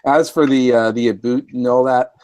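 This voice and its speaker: A man's voice: mid-range voice, steady tone, normal speed, darkish tone, no echo. A man hosting a casual group stream chat, talking hesitantly with many fillers and restarts. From Canada.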